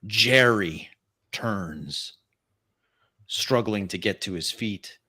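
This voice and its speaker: A man narrating a tabletop role-play as game master, describing scenes in a halting way with fillers. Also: on the low side, animated, pushed and bright, husky.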